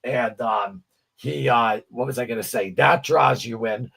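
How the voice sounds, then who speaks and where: A man's voice: mid-range voice, measured pace, gravelly, a bit bright, breathy edge. A man co-hosting a livestream, chatting casually about music, rambling and stammering, with frequent swearing. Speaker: livestream co-host.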